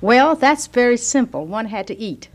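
An older woman with a Southern American accent, a guest on a radio interview, telling stories gently with a dry wit. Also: a little high, expressive, moderate pace. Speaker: guest organist.

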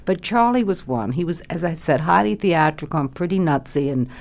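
An older woman, a former radio actress, reminiscing in an interview as an animated storyteller who laughs readily. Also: sits low, a little fast, gravelly. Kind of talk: reminiscing conversation.

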